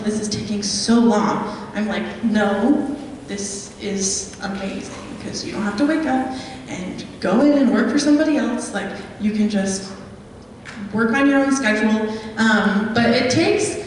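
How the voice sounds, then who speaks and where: Her voice sits a little high, with slight background noise, as she, a young woman guest speaker, tells a chatty story with plenty of ums. It's a live talk with audience questions in a meeting hall, picked up from far off amid echo.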